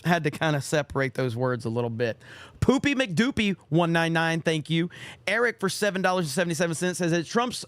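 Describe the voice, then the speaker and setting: Hoarse man reading live chat. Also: fairly high pitch, fairly bright tone, dry recording. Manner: rambling, reads viewer messages aloud with quick asides. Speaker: livestream host.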